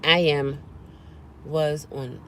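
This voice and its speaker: A vlogger who also drives rideshare chats casually while eating in her car, humming as she savors the food. Her voice is low-pitched and flat, and she draws out her words.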